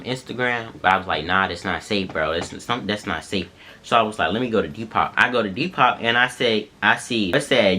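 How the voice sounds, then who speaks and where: Young guy doing a storytime vlog, kinda low voice but bright, talks to y'all and bro. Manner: animated slangy retelling, addresses viewers as y'all and bro. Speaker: vlogger telling a story. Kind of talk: casual storytime.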